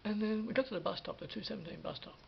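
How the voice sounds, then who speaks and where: A man casually recounting a story for a vlog, animated, restarting his sentences and acting out what people said. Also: high-pitched, very fast, vocal fry. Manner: animated retelling with acted-out quotes and many restarts. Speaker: vlogger. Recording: dull lo-fi sound with faint hiss.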